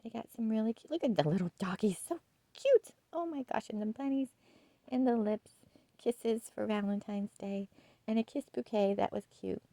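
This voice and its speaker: Woman, home decor vlogger, gushing, soft-spoken, gravelly undertone, dry close sound. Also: mid-range voice, fairly even intonation, moderate pace, dry recording, low-quality recording. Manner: gushing and soft-spoken, often dropping to a hush. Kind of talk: casual shopping haul chat.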